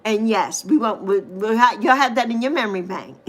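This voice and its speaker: A woman's voice: medium pitch, moderate pace. A middle-aged American woman from the United States hosting a casual live chat, chatty, laughing often and swearing freely. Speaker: live stream host.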